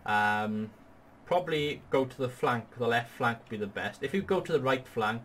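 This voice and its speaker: A man's voice: mid-range voice, lively intonation, moderate pace, a bit bright. Man, gaming host, strategy game tutorial, patient and upbeat, explains each move, faint background hiss. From Wales.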